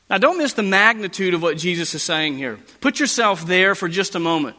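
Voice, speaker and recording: A high-voiced man preaches to his congregation with a bright, forceful tone. He presses hard on key phrases, drawing them out slowly. His voice carries a long reverb from a large church hall. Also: expressive. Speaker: pastor. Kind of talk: sermon.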